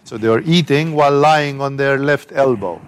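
A man's voice: medium pitch, moderate pace, smooth. A man giving a conversational scripture commentary with emphatic rhetorical asides. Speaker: spiritual teacher.

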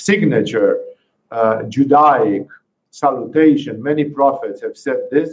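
A man giving a satsang teaching on scripture, reflective and unhurried, pausing often with fillers. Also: medium pitch, rough recording. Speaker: spiritual teacher.

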